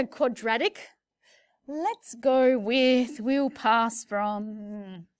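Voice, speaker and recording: Playful high-voiced maths teacher. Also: female voice, very slow, no echo. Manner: playful, chatty, jokey asides. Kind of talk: recorded maths lesson.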